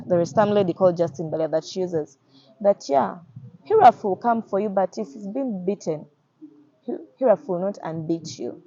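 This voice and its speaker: In slightly muffled audio, a young activist with a Ugandan accent speaks earnestly about her personal experience. Her voice sits fairly low with a warm tone, and she repeats phrases often while voicing the people she quotes.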